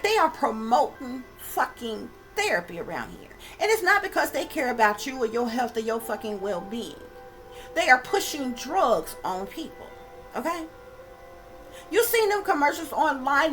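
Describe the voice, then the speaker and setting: A woman with a fairly high voice rants straight to her viewers, swearing freely and hammering her points with repetition. She keeps turning to her audience as y'all. Faint music plays behind her. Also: fairly bright tone, rough recording. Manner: profane, emphatic, repetitive, addresses viewers as y'all. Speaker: channel host and psychic reader. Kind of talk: casual rant to camera.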